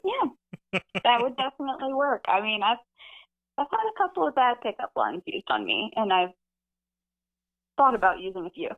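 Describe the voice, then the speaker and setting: A woman's voice: fairly high pitch, big pitch swings, normal speed, long pauses. A woman calling in to a live stream, chatting with wry, dry humor. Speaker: caller. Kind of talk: call-in chat. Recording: tinny phone line.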